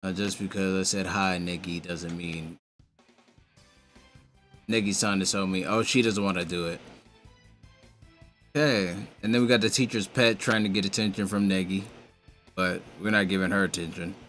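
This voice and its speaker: A man's voice: low voice, fairly even intonation, moderate pace, long pauses, fairly bright tone, soft background music. A man casually reading a comic aloud, stumbling through names and cursing as he adds his own comments. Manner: reads on the fly, stumbles, swears. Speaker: reader of a manga aloud.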